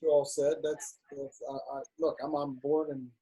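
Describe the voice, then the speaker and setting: A man's voice: a little high, flat delivery, moderate pace, mellow, husky, rough recording. A middle-aged man from Cincinnati, a filmmaker and actor, candidly telling his career story in an interview, often restarting his sentences. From United States, Cincinnati. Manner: frank, talks through restarts and stammers.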